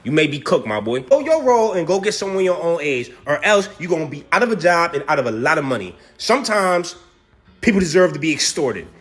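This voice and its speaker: A man's voice: fairly high pitch, sing-song, brisk, a bit bright. A man hosting a podcast, giving brash, profane and mocking comedic commentary as a self-described hater roasting his subject. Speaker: podcast host.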